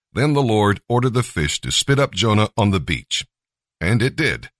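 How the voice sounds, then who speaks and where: Deep-voiced man reading scripture. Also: sing-song, normal speed, a bit bright, no room sound, studio quality. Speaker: narrator.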